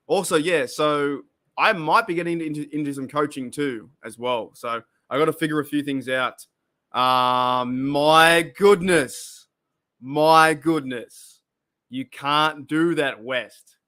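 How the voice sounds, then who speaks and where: A man's voice: on the high side, bright, forceful tone. A man hosting a casual live stream, chatting and reacting to viewer comments, often repeating himself and exclaiming. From Australia. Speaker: podcast host reading live chat.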